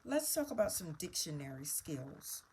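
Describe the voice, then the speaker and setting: A woman's voice: low-pitched, very animated, moderate pace, background noise. A woman teaching a spelling lesson, patiently spelling words out letter by letter and walking through each answer.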